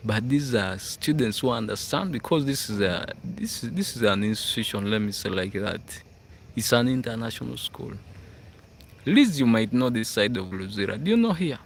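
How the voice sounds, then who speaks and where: A man's voice: fairly low pitch, moderate pace, creaky, slight background noise. A man from Uganda with a Ugandan English accent, chatting casually on a livestream and reading out viewers' comments. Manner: chatty, reads out viewer comments, frequent "hmm?" check-ins. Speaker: livestream host. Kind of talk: casual live chat. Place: school grounds at night, outdoors.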